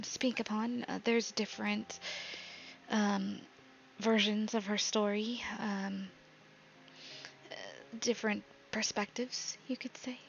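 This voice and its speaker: A woman playing a gentle, evasive patron spirit. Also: mid-range voice, vocal fry, slight background noise. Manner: hesitant, many pauses and fillers. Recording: slightly dull lo-fi sound.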